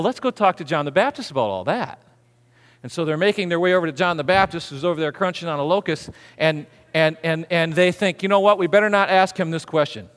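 A man preaching a sermon as a pastor, animated, acting out biblical figures with humor. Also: high voice, long reverb tail.

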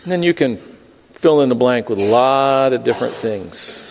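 A man's voice: medium pitch, lively intonation, normal speed, vocal fry, in a large hall, a little hiss or hum. A male pastor preaching a sermon, earnest and building through repeated phrases, often stammering. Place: church sanctuary.

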